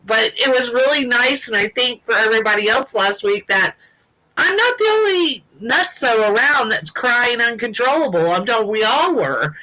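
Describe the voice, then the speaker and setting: Woman host, chatty and heartfelt, lots of ums, bright voice. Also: a little high, expressive, normal speed, rough recording. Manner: emotional, rambling, many fillers. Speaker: show host. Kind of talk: casual chat on a live show.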